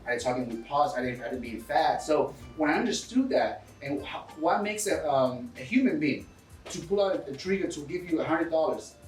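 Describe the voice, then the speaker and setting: A man's voice: on the high side, expressive, moderate pace, reverberant, recorded from a distance, faint music behind, poor audio. A man with a foreign accent, English not his first language, talking energetically in a casual interview and coaching listeners, often calling people dude and bro. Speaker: real estate investor guest.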